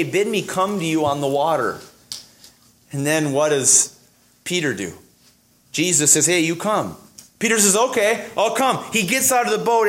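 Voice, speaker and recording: A man's voice: fairly high pitch, bright, forceful tone. A man preaching a sermon, reading scripture and acting out the dialogue with many fillers and restarts.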